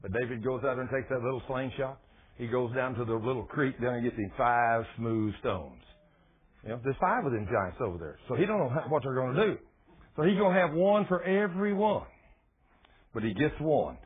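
Animated folksy preacher over tinny radio. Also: male voice, mid-range voice, normal speed, breathy edge. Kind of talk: sermon. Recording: tinny phone-like radio broadcast.

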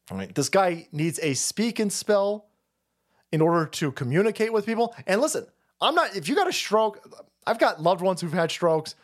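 Foul-mouthed, animated male stream host. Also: high voice. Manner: foul-mouthed, laughs often, mocking. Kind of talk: profane comedic rant commentary.

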